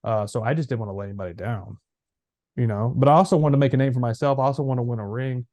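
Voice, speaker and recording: A man in his thirties co-hosts a casual sports podcast. His voice is dark and mellow. He tells stories in an animated way, full of fillers and restarts. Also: mid-range voice, racing, no room sound. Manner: animated storyteller, many fillers. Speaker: podcast co-host, former player. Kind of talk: casual chat.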